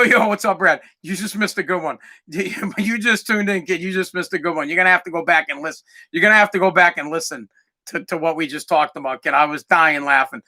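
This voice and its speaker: Young dude podcast host, high bright voice, rambling and cursing, keeps cracking up. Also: male voice. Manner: rambling, profane, breaks into laughter. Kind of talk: casual monologue.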